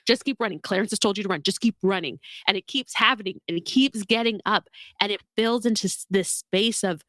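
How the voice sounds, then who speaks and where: A woman co-hosting a podcast, talking about a film in an animated, emotional, gushing way. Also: mid-range voice, fairly quick, no room sound, clean studio sound. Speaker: podcast co-host. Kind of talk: casual film discussion.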